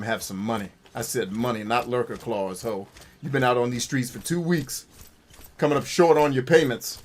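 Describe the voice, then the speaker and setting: Guy putting on a swaggering game pimp, menacing and foul-mouthed, keeps hammering for his money, middle-pitched man's voice. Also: lightly acted. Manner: menacing, profane, repeats insults.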